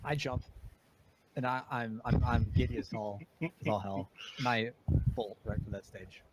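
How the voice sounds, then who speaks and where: A man playing a tabletop game, talking excitedly and tripping over his words. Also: mid-range voice, normal speed, background noise. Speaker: player. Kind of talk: casual chat at a tabletop game.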